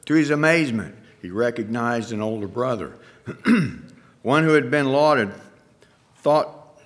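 Low-voiced preacher telling a hushed story. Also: male voice. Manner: hushed, dramatic reading with slow pauses. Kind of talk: sermon storytelling.

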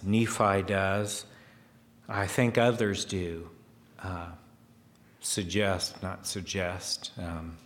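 A man preaching a sermon, slow and hesitant, with fillers and restarts, growing louder as he reads scripture aloud. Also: on the low side, big-room sound.

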